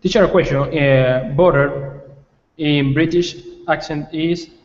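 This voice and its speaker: A man studying English, reading practice words slowly and deliberately during an online lesson. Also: on the high side, fairly even intonation. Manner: slow, deliberate word reading. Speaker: language student. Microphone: video call. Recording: lo-fi call with long reverb.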